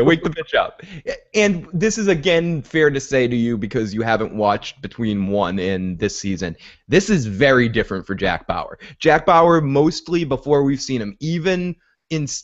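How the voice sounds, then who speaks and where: A man hosts a casual podcast about a TV episode, talking in an animated, joking way with frequent laughs. His pitch sits in the middle of the male range. The recording sounds dull and lo-fi. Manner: animated, laughs, mimics characters in high voices. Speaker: podcast host. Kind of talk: casual TV recap chat.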